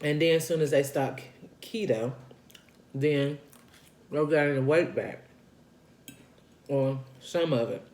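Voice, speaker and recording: A woman's voice: sits low, takes it slowly, long pauses, a little mellow. A woman vlogger chatting casually while eating on camera, folksy and talkative, circling back to repeat her points between bites. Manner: talks between bites of food. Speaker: vlogger sharing her weight-loss journey. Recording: echoey room.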